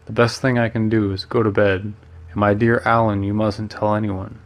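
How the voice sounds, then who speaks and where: A man reads an earnest, kind young gentleman who flusters easily. The voice stays low and fairly level. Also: level tone, normal speed, natural voice.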